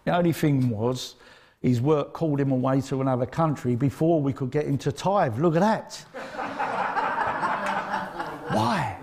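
A man's voice: fairly high pitch, expressive, slow, pauses often, slight background noise. A man with an Essex accent preaching a sermon in a conversational, emphatic way, often checking in with his listeners. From Essex, England.

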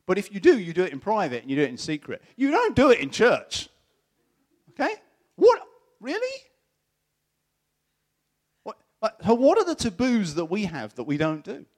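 Animated man preaching a sermon. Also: high voice, moderate pace, pauses often. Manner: animated storytelling, acting out quoted voices. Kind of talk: sermon with personal story.

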